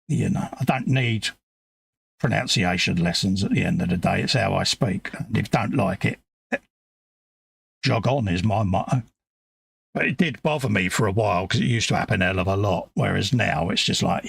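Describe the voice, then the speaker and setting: Man, fifties, strong British regional accent, gravelly and husky, blunt self-mocking live-stream chat, dry close sound. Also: fairly low pitch, animated, moderate pace, dry recording. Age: 50s. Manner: blunt, chatty, self-deprecating banter. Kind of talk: casual chat reading viewer comments.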